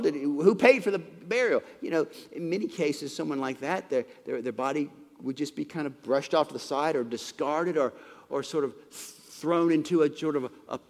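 A man's voice: fairly high pitch, big-room sound. A man preaching a sermon, retelling a passage and often stumbling over repeated words. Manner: expository retelling with frequent stumbling word repeats.

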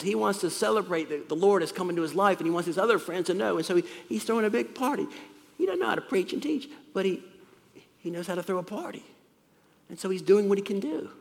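Man preaching in a church hall, animated pitch, talks things through plainly. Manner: conversational, explains and repeats points. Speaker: pastor. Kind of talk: sermon. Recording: long reverb in a hall.

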